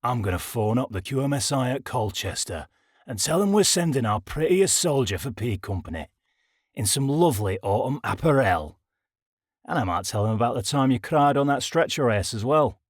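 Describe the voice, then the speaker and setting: A man's voice: medium pitch, big pitch swings, normal speed, no echo, clean studio sound. A man voicing a stern male army sergeant major whose voice is cold, clipped and resonant. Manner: gruff barking.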